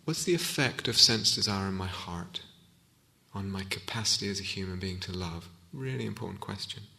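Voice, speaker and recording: A man's voice: low voice, moderate pace, vocal fry, pushed and bright. A man giving a reflective Dharma talk as a meditation teacher in a hall, often restarting and searching for words.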